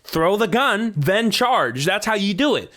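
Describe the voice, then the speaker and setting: Animated, swearing man ranting about movies. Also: sits high, a little slow. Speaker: podcast host. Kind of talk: casual movie chat.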